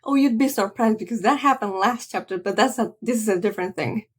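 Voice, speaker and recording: A manga reaction creator reads a comic aloud and chats about it in a slightly high, brisk voice with a breathy edge. She restarts often and drifts into trailing asides.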